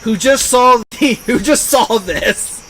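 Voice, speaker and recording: High-voiced man rambling at a game table. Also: slow, over music, poor audio. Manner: rambling, enthusiastic tangents. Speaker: player. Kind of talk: casual tabletop game chat.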